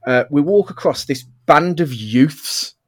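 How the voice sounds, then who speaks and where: A man co-hosting a casual podcast over webcam, telling animated anecdotes and laughing through them. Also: a little high, a little slow, no echo, studio quality. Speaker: podcast co-host.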